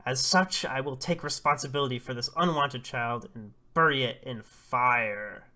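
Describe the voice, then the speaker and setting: A man voicing a fanatical old village elder who proclaims loudly and fervently. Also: mid-range voice, moderate pace.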